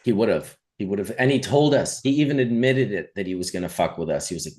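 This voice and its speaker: A man's voice: lowish voice, brisk. Swearing storyteller man. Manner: animated storyteller, swears freely. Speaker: podcast host. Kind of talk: casual storytelling chat.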